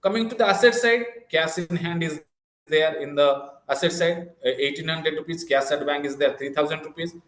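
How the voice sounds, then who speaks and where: A man's voice: a little high, moderate pace, a bit bright. A man teaching an online class over a video call, explaining step by step and often checking whether students follow. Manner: explains step by step, repeats key points, checks "clear?" and "okay". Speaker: commerce lecturer. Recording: roomy echo.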